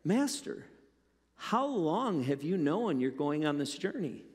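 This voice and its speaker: A man voicing a foolish, earnest male servant who asks astonished, high questions. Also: big pitch swings, slow pace, darkish tone, breathy edge, exaggerated voice. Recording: long hall reverb.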